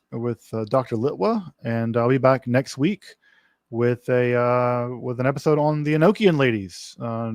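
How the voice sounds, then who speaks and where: A man's voice: mid-range voice, no echo. Rambling man hosting a casual livestream. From working-class background. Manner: rambling, many fillers and restarts. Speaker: livestream host.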